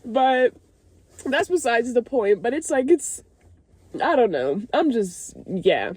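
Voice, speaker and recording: A woman's voice: fairly high pitch, sing-song, slow, a little mellow, slightly rough, no room sound. A young woman in a candid faith vlog, crying at times and rambling with many fillers, talking from her parked car. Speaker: vlogger.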